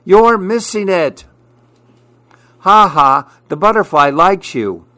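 Man doing a little boy, storybook, eager, calling out, raised pitch, loud. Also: very animated, slow pace, no echo, full character voice. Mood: excited. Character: excited little boy in the park.

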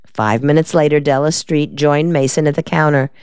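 A woman hosting a reading program, narrating an audiobook in a calm, measured way. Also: low-pitched, smooth, dry recording, studio quality. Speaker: program host and reader.

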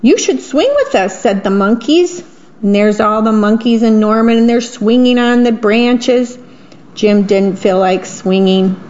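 Reading picture books aloud, a woman with a medium-pitched, a little mellow voice describes the illustrations between the lines. She keeps a steady tone and measured pace on a dull lo-fi recording.

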